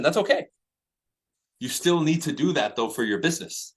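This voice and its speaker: A man coaching real estate agents in a high-energy motivational talk, swearing freely and pushing hard on every point. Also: very animated, moderate pace. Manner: profane, high-energy, emphatic.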